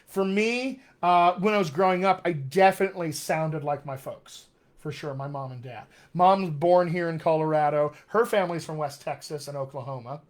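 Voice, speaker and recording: Speaking at a moderate pace in a fairly high pitch, a middle-aged man addresses viewers of his live online question-and-answer session. He works as a dialect coach and keeps his teaching upbeat and encouraging.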